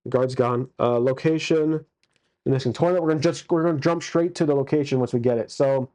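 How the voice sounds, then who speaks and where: A man's voice: medium pitch, fairly quick, mellow. A man casually narrating a solo tabletop game as its game master, with crude jokes and many fillers.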